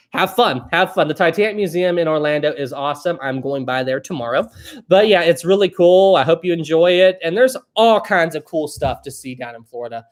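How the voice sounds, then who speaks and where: A man's voice: on the high side, lively intonation, brisk. A young man hosting a live stream, chatting casually and rambling as he reads viewer questions. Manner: rambling and chatty, often laughing. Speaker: livestream host.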